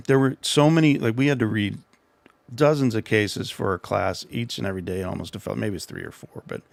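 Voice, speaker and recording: Middle-aged guy rambling thru an old story, low gravelly voice, dry close sound. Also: a little fast, dry recording. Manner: rambling, self-deprecating, frequent restarts. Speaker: livestream host. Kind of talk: casual storytelling advice.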